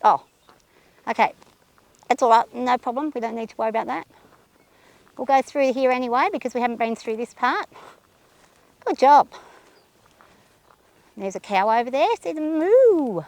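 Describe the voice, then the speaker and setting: A woman riding a horse outdoors, talking her nerves out loud and soothing her mount in a casual vlog. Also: on the high side, moderate pace, pauses often, no echo. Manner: anxious, thinking aloud, soothing her horse. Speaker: horse rider vlogger. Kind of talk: casual narration while riding. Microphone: camera held by a companion.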